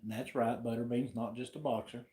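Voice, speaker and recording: A man's voice: medium pitch, steady tone, fairly quick, warm tone. A man with an Appalachian accent co-hosting a livestream, agreeing and throwing in jokes in a casual chat. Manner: joking, agreeable sidekick. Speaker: livestream co-host. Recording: roomy echo with faint noise.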